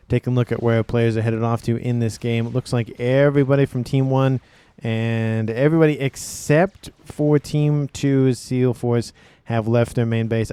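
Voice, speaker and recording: A man's voice: mid-range voice, dark tone, clean tone. A man casting a strategy game match, upbeat and chatty, talking through the map as he goes. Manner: upbeat, chatty, thinks aloud with fillers. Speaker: game caster. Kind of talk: game commentary.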